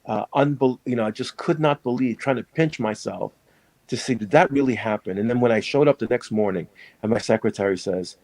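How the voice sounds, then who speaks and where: A man's voice: mid-range voice, fairly quick, a little mellow, dry recording, low-quality recording. A man who is a priest, telling his story in an interview in an earnest, reflective way.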